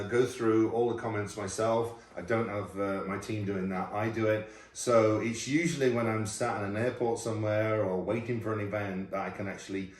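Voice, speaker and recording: Middle-aged male host, easygoing and self-deprecating, mic set back in a roomy space. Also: lowish voice. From United Kingdom. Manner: chatty, laughing, self-deprecating. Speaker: host, former royal chef. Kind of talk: casual Q&A chat. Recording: roomy sound from a distant mic.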